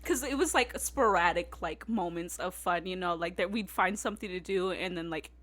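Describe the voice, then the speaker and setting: A woman's voice: fairly low pitch, normal speed, a bit bright. Rambling, laughing young-sounding woman host. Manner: rambling storytelling, many fillers, frequent laughs. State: tired. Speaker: podcast host. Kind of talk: casual chat.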